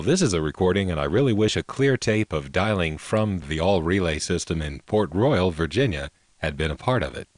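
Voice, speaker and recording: Deep-voiced man narrating calmly. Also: no room sound. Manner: unhurried, fond of technical detail. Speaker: host presenting vintage telephone recordings. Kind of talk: relaxed narration.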